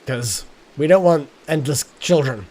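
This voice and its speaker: A man's voice: fairly high pitch, expressive, unhurried, darkish tone. A man streaming a game live, chatting casually and thinking aloud as he plays. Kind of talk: casual live gameplay commentary.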